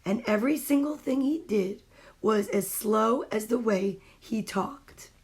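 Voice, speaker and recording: A woman's voice: on the high side, a little slow, a little mellow, breathy edge. A woman reading children's storybooks live from home, playful and chatty, greeting her viewers by name between pages. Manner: playful, exclaims over the pictures.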